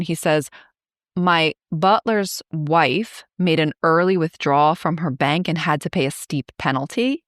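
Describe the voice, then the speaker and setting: A woman's voice: deep voice, dry recording, clean studio sound. A woman co-hosting a podcast, retelling a film's plot in casual chat, laughing often as she acts out the characters' lines. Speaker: podcast co-host.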